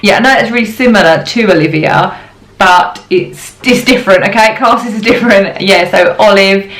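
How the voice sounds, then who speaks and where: A woman's voice: medium pitch, moderate pace, a bit bright. A young woman, a mother, chatting casually to camera with frequent ums and little giggles. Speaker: parenting vlogger. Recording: roomy echo.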